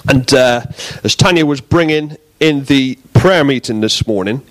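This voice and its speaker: A man giving a relaxed, jokey sermon in a church, bantering with the congregation. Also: medium pitch, unhurried, no echo. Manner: chatty, jokey, self-deprecating. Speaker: preacher.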